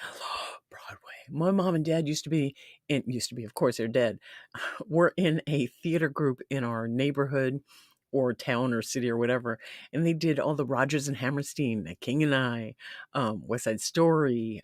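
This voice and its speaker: A woman's voice: extremely low pitch, normal speed, no echo, clean studio sound. A woman hosting a casual live stream who chats freely, laughs often and reads comments from the chat aloud. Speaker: livestream host.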